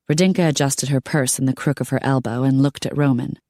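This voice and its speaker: A woman narrating an audiobook in a steady storytelling manner. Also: rumbling low, fairly quick, few pauses, no room sound, studio quality. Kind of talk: scripted narration.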